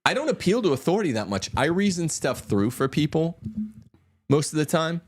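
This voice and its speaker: A man's voice: a little high, big pitch swings, fairly quick. A man hosting a podcast, talking in an emphatic, combative way with sweeping asides. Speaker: podcast host. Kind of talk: opinionated podcast talk.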